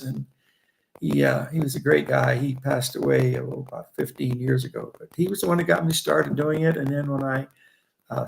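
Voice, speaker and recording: An Indiana man in his eighties, a veteran trader, tells long, rambling anecdotes, chuckling and restarting phrases as he reminisces. His mid-range voice has vocal fry, and the low-quality recording carries slight background noise.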